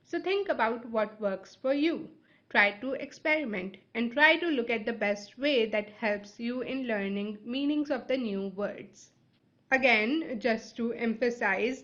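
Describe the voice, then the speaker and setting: A woman's voice: fairly high pitch, fairly bright tone. Woman teacher, English not her first language, patient step-by-step explainer who keeps checking in with listeners; slightly muffled audio. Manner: explanatory, checks in with frequent "right?" and "okay?". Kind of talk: instructional video lesson.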